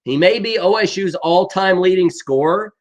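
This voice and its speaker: A man's voice: sits high, normal speed. A middle-aged man giving an exasperated, emphatic football rant, often tagging sentences with "okay?". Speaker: sports commentator.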